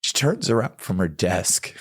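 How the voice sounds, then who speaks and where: A middle-aged man with a low voice recounts a personal testimony as a podcast guest. He acts out the lines people said to him and trips over repeated words when the story gets emotional. The sound is close and dry. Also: slow, husky, no room sound. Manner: animated storyteller, acts out quoted dialogue, stammers when emotional.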